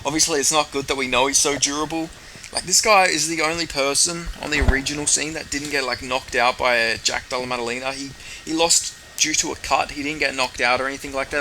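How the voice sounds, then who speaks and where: A man talks through fight predictions in casual, rambling chat and swears freely. His voice is bright and forceful. A faint noise sits underneath. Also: mid-range voice, rough recording.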